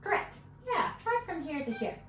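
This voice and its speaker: A woman giving a one-on-one fiddle lesson, patient and encouraging, counting beats out loud. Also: very high voice, big pitch swings, moderate pace, over loud music. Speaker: fiddle teacher. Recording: roomy, mic at a distance, fiddle playing.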